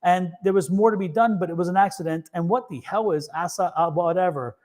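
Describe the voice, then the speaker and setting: A man's voice: high voice, a little fast, darkish tone. A man hosting a tarot reading show, telling stories casually with many restarts and laughs. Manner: rambling storyteller with many restarts and fillers; laughs easily. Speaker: tarot reader and show host. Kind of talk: casual live-stream chat.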